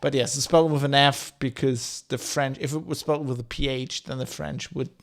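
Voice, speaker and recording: A man in his thirties from Germany with a mixed, slightly German English accent, chatting loosely while streaming a game and reading chat aloud, with a slight rasp. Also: medium pitch, steady tone, fairly quick. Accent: German-tinged mixed English. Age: 30s. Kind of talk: casual game commentary.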